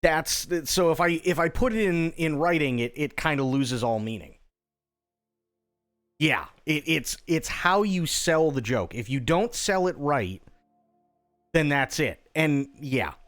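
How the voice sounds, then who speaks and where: A man's voice: on the high side, animated, unhurried, a bit bright, faint music behind. A young man streaming live, chatting casually and telling a joke in a playful way, laughing often and restarting his sentences. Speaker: livestreamer.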